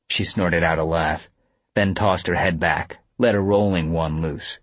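A man narrating a novel in a low, quiet, even voice. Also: unhurried, no echo. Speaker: audiobook narrator. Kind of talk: scripted narration.

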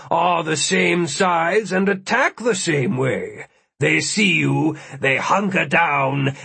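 A man's voice: fairly high pitch, gravelly, pushed and bright, breathy edge, no room sound, voice pushed up, exaggerated voice. A man voicing a wry, analytical adult man who reasons things out matter-of-factly.

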